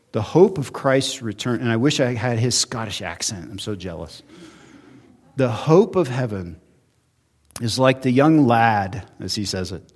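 A male pastor preaching a sermon in a church, earnest, with emphatic rises and quiet drops. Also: mid-range voice. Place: church sanctuary.

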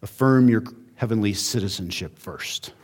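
A male pastor preaching a sermon in a church, earnest, with emphatic rises and quiet drops. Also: on the low side, normal speed, slightly rough. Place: church sanctuary.

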